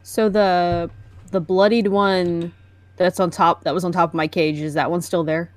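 A woman's voice: on the low side, steady tone, normal speed. A woman playing in a tabletop game, talking hesitantly as she thinks aloud. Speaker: player.

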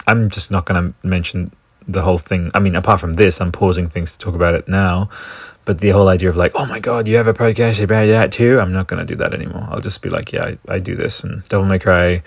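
A man's voice: on the low side, no echo. Rambling, swearing Australian man. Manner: rambling, enthusiastic, swears often. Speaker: podcast host. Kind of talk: casual solo podcast riffing.

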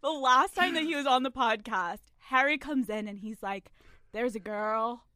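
A woman's voice: fairly high pitch, moderate pace, pushed and bright, no echo. A woman hosting a podcast in casual chat, brash and profane, laughing often, on a close studio mic. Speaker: podcast host.

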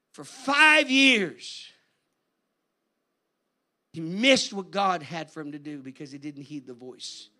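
A man preaching a sermon in an animated, conversational storytelling manner. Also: a little high. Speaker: guest preacher.

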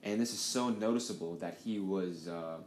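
A man's voice: sits low, moderate pace, a little mellow. A man hosting a podcast, telling a story in a casual, rambling way with lots of swearing. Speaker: podcast host. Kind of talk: casual conversation. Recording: echoey room with faint noise.

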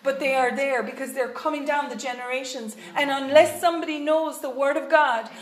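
A woman's voice: high-pitched, steady tone, a little fast, echoey room, a little hiss or hum. A woman preaching a sermon in an earnest way, with frequent fillers and restarts.

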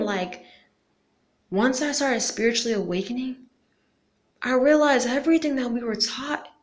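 Slangy young woman in a roomy echo. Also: fairly high pitch. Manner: casual and slangy, questioning, with frequent "like" and some cursing. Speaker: vlogger. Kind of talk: casual talk to camera.

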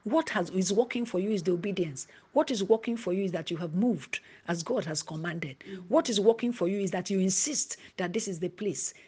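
A woman preaching a sermon, dropping to a hushed whisper at times and rising to emphasis. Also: mid-range voice, brisk, few pauses, husky.

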